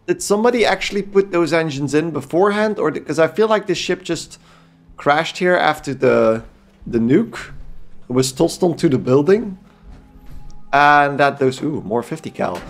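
A man's voice: a little high, expressive, normal speed, faint music behind. A man casually commenting on his own video game play, curious and thinking aloud. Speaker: gameplay commentator.

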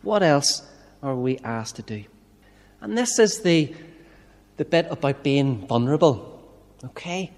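Northern Irish male preacher, mid-pitched, relaxed sermon full of rhetorical questions, long church echo. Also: a little slow, pauses often. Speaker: minister preaching. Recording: church reverb.

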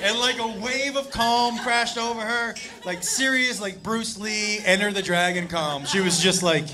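A male stand-up comedian telling a profane story on a club stage, animated and acting out the people in it. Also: high voice, measured pace. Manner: animated, profane, acts out characters. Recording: noisy live club recording with loud crowd. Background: loud audience laughter.

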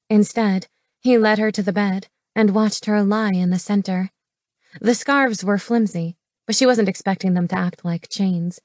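A woman reads a romance audiobook in an even, mid-pitched voice. Her delivery is measured and intimate. The close studio recording is dry, with no room around it. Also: no room sound. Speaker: audiobook narrator. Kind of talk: scripted romance audiobook narration.

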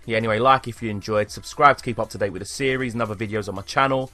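A young British man commentating live on his own football video game, excitable and swearing at the play. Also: on the low side, racing, soft background music. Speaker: gaming YouTuber.

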